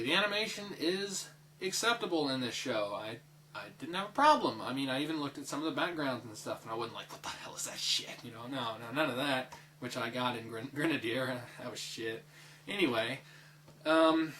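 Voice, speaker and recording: A man's voice: medium pitch, lively intonation, moderate pace, bright, forceful tone, slight background noise, low-quality recording. A young man giving a casual, rambling spoken review, full of fillers, restarts and swearing. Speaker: anime reviewer.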